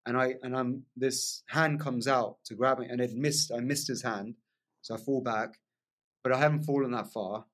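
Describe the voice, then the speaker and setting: A man telling a long personal story as a podcast guest, in a lively casual way, often asking "right?" along the way. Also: mid-range voice, normal speed. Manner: animated storyteller, frequent "like" and "right?" tags.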